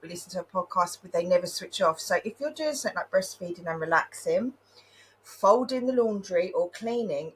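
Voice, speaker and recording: Husky-voiced female co-host, thirties, earnest and self-deprecating. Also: medium pitch, a bit bright, poor audio. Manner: earnest, sharing tips, laughs at herself. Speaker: podcast co-host. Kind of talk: casual chat.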